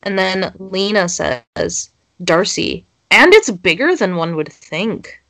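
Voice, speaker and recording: Young gal reading posts out loud, keeps cracking up, swears a lot, slow easy pace. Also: female voice, mid-range voice, big pitch swings, dry recording. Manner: giggly, swears freely, breaks into laughter while reading. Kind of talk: casual chat, reading social media posts aloud.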